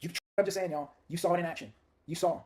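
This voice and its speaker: A man rattles through a screen-share demo of his own software at a very rapid clip. His voice sits a little high for a man. He is chatty and hyped and talks straight to his viewers. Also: fairly even intonation, background noise. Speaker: software creator demoing his own tool.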